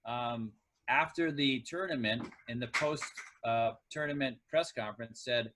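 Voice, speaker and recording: A middle-aged former athlete talking on a podcast. His voice sits in an ordinary middle register, and he spins long, reflective stories in a relaxed, conversational way. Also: medium pitch, unhurried, noisy background. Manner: reflective, tells sports anecdotes at length. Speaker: former pro kicker and kicking coach, guest. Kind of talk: casual podcast interview.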